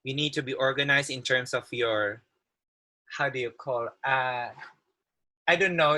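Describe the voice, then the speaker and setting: Man speaker on a video call, very bright tense voice, friendly, laughs a lot, restarts his sentences. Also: medium pitch, a little slow, pauses often, low-quality recording. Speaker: guest speaker, occupational therapist. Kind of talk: webinar presentation.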